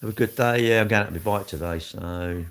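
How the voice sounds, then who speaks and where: A man's voice: lowish voice, brisk, a bit bright. A middle-aged man, rambling bluntly and crudely in a casual livestream chat, tossing in tag questions as he answers comments. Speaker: livestream host.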